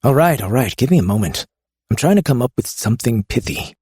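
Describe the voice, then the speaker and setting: A flippant young male heir talks in a lowered, sarcastic voice that jumps around in pitch, as a woman puts him on in an audiobook. He sounds quick and awkward, recorded dry and close. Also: sing-song, dark tone, slightly rough, dry recording, exaggerated voice. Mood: flustered. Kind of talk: audiobook character voice.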